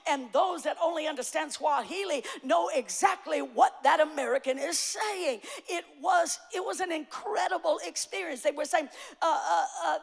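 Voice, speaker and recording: Woman pastor, high gravelly voice, preaching fervently in a reverberant hall, stumbling restarts. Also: animated, normal speed. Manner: preaching with rising fervor, shouting emphatic lines; frequent fillers and repeated starts. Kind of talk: sermon.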